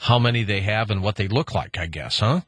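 A man's voice: lowish voice, fairly quick, husky, no echo. A male radio host interviewing a caller with short, curious questions.

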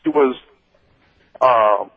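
A man from Missouri calling in to a radio show, telling a personal story in a halting way, with many fillers and restarts. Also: mid-range voice, gravelly, no echo. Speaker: radio caller. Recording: tinny phone line.

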